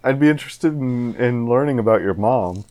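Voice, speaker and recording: Excitable guy playing along on a call. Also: mid-range voice, normal speed. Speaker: prank caller. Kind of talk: comedic prank call.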